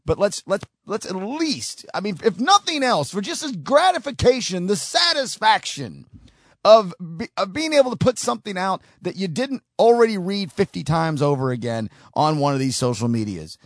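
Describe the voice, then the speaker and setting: A man's voice: sits high, very animated, moderate pace, dry recording, studio quality. A man hosting a podcast, ranting in opinionated solo commentary with frequent restarts. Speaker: podcast host.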